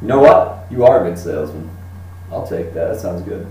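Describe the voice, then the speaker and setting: A man playing in a tabletop game, speaking in character in a slow, laid-back, jokey manner. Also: sits low, lively intonation, a little mellow, heavy reverb, far from the mic, a little hiss or hum, rough recording. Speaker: player.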